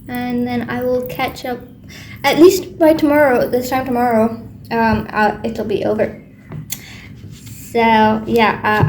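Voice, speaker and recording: A young adult woman, a student vlogger, rambles to herself in a video diary, tired late at night and using lots of fillers. Her voice is a little high, and the recording has a slight hiss or hum.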